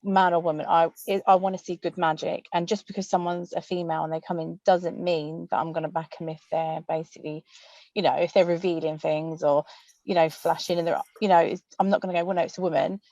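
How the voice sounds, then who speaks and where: A woman's voice: fairly low pitch, little pitch movement, a little fast, dark tone, no room sound, lo-fi sound. A woman, a magician, chatting casually on a panel over a video call from inside a car, with many fillers.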